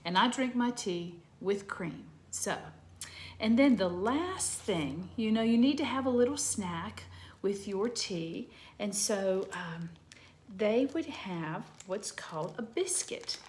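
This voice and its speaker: A woman, gently teaching a lesson to young children from home. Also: medium pitch, lively intonation. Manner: gentle, slow, talking to children. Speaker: preschool teacher.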